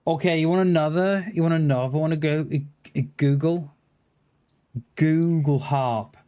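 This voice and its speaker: A man live-streaming a game, chatting excitedly with viewers, swearing casually and stumbling over his words. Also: on the high side, normal speed, clean tone. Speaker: livestreamer. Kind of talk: casual live-stream chat while gaming.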